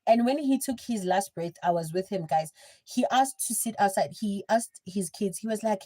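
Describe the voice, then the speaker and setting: A young woman with a South African accent, telling a story in a chatty, animated livestream style. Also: mid-range voice, moderate pace. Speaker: livestream host. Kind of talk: casual storytelling.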